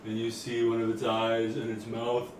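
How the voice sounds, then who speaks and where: A man running a tabletop game as its game master, narrating casually and halting with fillers. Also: mid-range voice, monotone, slight background noise. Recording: roomy, distant home recording.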